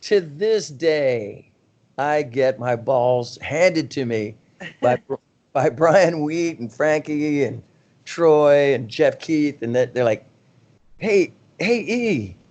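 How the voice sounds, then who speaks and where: A middle-aged man, a rock singer as a guest, telling rambling, animated anecdotes in a casual interview, often laughing at himself. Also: a little high, slow pace, dull audio.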